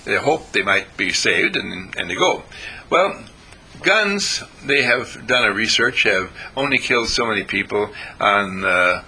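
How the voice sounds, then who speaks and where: Husky older man, rambling folksy sermon. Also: lowish voice, animated, measured pace, bright, forceful tone, rough recording. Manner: rambling, many fillers and restarts, folksy asides. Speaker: spiritual teacher. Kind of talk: informal sermon to students.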